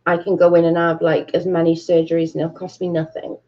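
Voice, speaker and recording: A British woman with a lowish, mellow voice chats casually on a livestream from her bedroom. She reads viewer comments aloud and swears freely. The sound is dull and lo-fi. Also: completely flat delivery, a little fast. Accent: British English. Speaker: livestream host.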